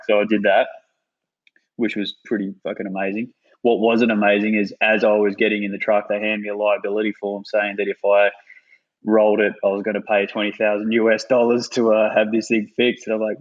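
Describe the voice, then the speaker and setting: A man's voice: on the low side, brisk, highs cut off. A man with an Australian accent, a podcast guest telling stories casually, swearing freely. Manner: swears freely, animated retelling. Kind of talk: casual storytelling.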